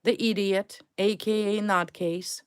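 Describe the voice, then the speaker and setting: A woman's voice: medium pitch, fairly even intonation, measured pace, clean tone. A woman reading tarot cards to a viewer, blunt and emphatic, repeating her points and swearing freely. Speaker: tarot reader.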